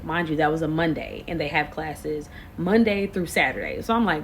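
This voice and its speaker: A woman in her late twenties telling a storytime to camera, animated and expressive, full of slang. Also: low-pitched, moderate pace, few pauses, a little hiss or hum. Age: late 20s. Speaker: vlogger. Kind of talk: casual storytime.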